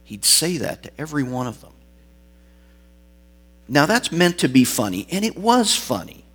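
A man's voice: on the high side, sing-song, normal speed, a bit bright, husky. A male pastor preaching an expository sermon, reading and explaining scripture with varied emphasis.

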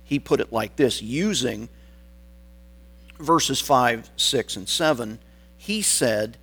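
A man preaching a sermon, stressing key words and pausing for weight between phrases. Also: mid-range voice, a bit bright, husky, low-quality recording. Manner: deliberate, emphatic phrasing with dramatic pauses.

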